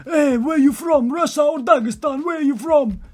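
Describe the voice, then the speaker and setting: A man's voice: very high voice, moderate pace, a little mellow, pitched above the performer's own voice. A man putting on a mock foreign accent to play a grown male fighter who keeps pushing with trash talk. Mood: needling. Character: impression of a fighter, grown man, pushy needling trash talker.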